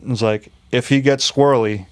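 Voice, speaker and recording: A man, sitting as a guest on a podcast, spins a rowdy tale in loose, profane chat. He laughs through his own story and pitches his voice up whenever he quotes someone. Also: fairly even intonation, fairly quick, darkish tone, clean tone. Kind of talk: casual storytelling.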